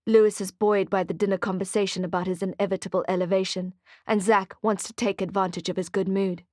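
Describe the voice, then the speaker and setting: A woman narrating an audiobook thriller in a steady, expressive reading. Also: mid-range voice, brisk, no echo, clean studio sound. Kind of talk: scripted narration.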